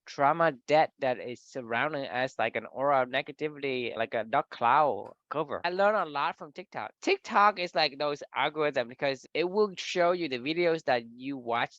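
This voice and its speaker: A man's voice: medium pitch, expressive, moderate pace, hardly any pauses, a bit bright, no room sound, lo-fi sound. A man co-hosting a podcast, explaining his ideas at length in a reflective, casual way. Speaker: podcast co-host. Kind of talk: casual discussion.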